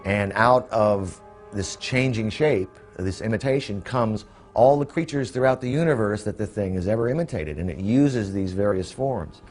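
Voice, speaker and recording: A man in an interview recalling past decisions in a measured, thoughtful way with some hesitations. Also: lowish voice, darkish tone, faint music behind. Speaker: interviewee recalling making a film. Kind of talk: reflective interview.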